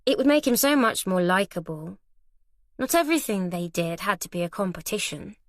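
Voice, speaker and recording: A woman with a mid-range voice narrates a thriller audiobook, telling the scripted story in a measured, steady manner. The recording is clean studio sound with no room echo.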